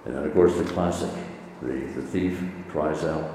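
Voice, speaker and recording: Deep-voiced pastor in an echoey hall. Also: male voice, dark tone, recorded from a distance, slight background noise. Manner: earnest, measured, with repeated phrases. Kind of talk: sermon.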